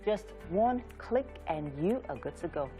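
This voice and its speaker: Nigerian woman, morning-show co-host, lower voice, casual and hesitant, music bed behind. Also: lively intonation, a little slow. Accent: Nigerian English. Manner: chatty, hesitant, lots of ums. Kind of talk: casual studio chat.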